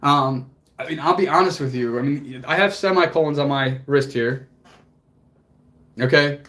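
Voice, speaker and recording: A man's voice: medium pitch, moderate pace, fairly bright tone. A young man hosting a livestream, speaking earnestly and emotionally to viewers, motivational and casual with swearing. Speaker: fitness coach and livestream host.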